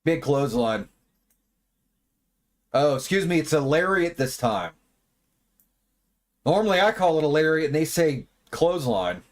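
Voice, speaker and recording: A man talks through a wrestling broadcast in a loose, offhand way, cracking wry remarks and dropping the odd swear. His voice sits a little high and moves around a lot, rising and falling with animated energy. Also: measured pace, pauses often. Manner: chatty, wry, swears casually. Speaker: watch party host. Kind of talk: casual live commentary on a wrestling broadcast.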